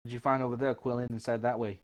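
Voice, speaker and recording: A man's voice: mid-range voice, flat delivery, fast talker. A man speaking as a player in a tabletop game, hesitant and asking lots of questions. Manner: hesitant, asks many questions. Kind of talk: casual tabletop play.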